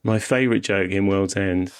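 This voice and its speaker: A man's voice: deep voice, moderate pace, clean tone. A young man with a mild Wiltshire accent, co-hosting a podcast and chatting about films, rambling and self-interrupting and laughing often. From Wiltshire, England. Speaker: podcast co-host. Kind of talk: casual film chat.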